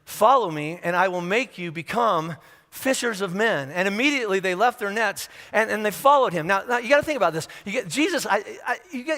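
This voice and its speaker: Guy preaching, high bright voice, jokey and chatty, long echo of a big church hall. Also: lively intonation, fairly quick. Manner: conversational and humorous, acting out little scenes. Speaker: pastor. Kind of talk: sermon.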